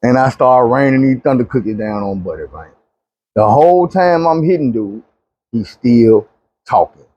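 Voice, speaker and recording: A man telling a long dream story, animated, dropping low and quiet when he pleads. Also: moderate pace, dry recording, muffled recording. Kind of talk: recounting a dream testimony.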